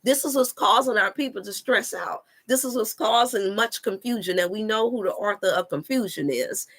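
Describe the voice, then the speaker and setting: A woman's voice: mid-range voice, moderate pace, a bit bright. A woman hosting a live stream, preaching to her viewers in an emphatic, repetitive way, full of scripture and talk to "y'all". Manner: addresses viewers as y'all and you all. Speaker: wellness coach and channel host.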